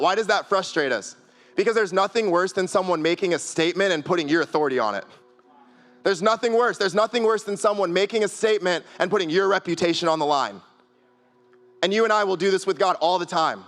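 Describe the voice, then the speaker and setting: Man, young adult, youth pastor, sermon, conversational, repetitive phrasing, slightly high voice. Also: fast, fairly bright tone. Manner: conversational preaching full of "like" and repeated phrases.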